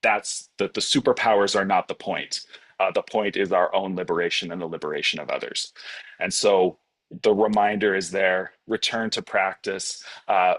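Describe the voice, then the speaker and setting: A man giving a Buddhist dharma talk in a relaxed, rambling way, with many fillers and restarts, over a video call. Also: low-pitched, moderate pace. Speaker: Buddhist teacher.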